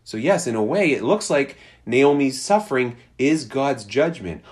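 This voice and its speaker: A man's voice: medium pitch, lively intonation, measured pace, a little mellow. A man preaching a sermon in a conversational way, acting out quoted lines. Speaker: pastor.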